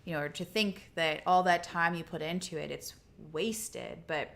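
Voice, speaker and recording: A woman's voice: fairly low pitch, normal speed, gravelly, a bit bright. A woman co-hosting a casual livestream chat, talking in a conversational way with frequent restarts. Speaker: co-host.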